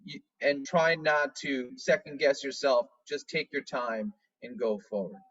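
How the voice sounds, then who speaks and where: A man who directs a dance studio, giving an instructional talk on a video call, measured and restarting phrases as he explains. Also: mid-range voice, fairly even intonation, a bit bright, recorded from a distance, lo-fi sound.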